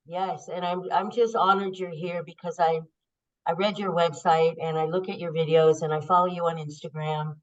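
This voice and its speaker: A woman hosting a podcast, chatting casually and warmly telling a story, openly emotional. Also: fairly low pitch, fairly even intonation, moderate pace. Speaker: podcast host. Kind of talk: casual interview chat. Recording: dull lo-fi sound.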